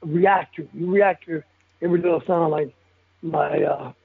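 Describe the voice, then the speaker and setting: An older man with a rough, gravelly voice that runs a little higher than most. He talks bluntly and profanely, breaking into chuckles as he goes. The sound comes through thin and tinny, like a phone call. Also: steady tone, moderate pace. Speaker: guest telling stories of his football days. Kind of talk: casual storytelling interview.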